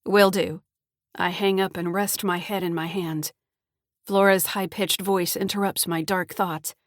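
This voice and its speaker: A woman author reading her own mystery thriller as an audiobook, telling it in a steady, clear way. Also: on the low side, a little slow, no room sound, studio quality. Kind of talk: scripted audiobook narration.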